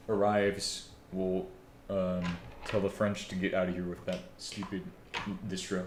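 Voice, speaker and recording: Low-voiced young man rambling while streaming. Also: little pitch movement, a little slow. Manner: rambling, joking, mumbles to himself, swears. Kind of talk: casual live-stream chatter while working. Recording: echoey room, faint background noise.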